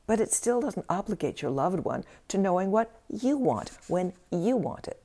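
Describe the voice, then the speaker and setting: A woman self-help speaker giving a scripted inspirational talk with expressive, wry storytelling. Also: mid-range voice, normal speed.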